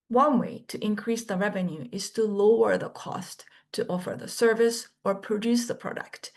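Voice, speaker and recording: A woman instructor reads a scripted orientation lecture in a measured, deliberate manner. She pauses between the items of each list, and her voice sits at an ordinary middle pitch. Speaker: course instructor.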